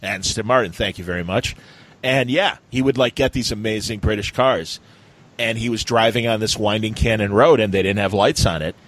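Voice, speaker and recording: A man's voice: lowish voice, low-quality recording. A man co-hosting a comics podcast in a loose, casual chat. He tells long anecdotes and every so often jumps into a short impression. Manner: animated storyteller who slips into quick impressions. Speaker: podcast co-host.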